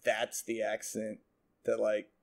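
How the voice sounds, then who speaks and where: A man's voice: lowish voice, completely flat delivery, slow, creaky. A young American man from the United States co-hosting a podcast in casual chat, rambling and swearing with lots of fillers. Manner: rambling, profane, with many fillers. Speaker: podcast co-host.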